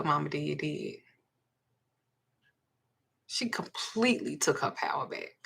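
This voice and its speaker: Outspoken female spiritual host, low husky voice with fry. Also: fairly bright tone. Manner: blunt and profane, retelling a client's story. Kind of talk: livestream talk.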